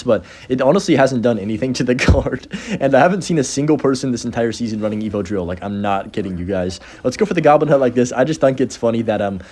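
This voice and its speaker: Fast-talking young man commentating gameplay. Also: mid-range voice. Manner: excitable, talks to viewers, frequent fillers and self-corrections. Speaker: gaming content creator.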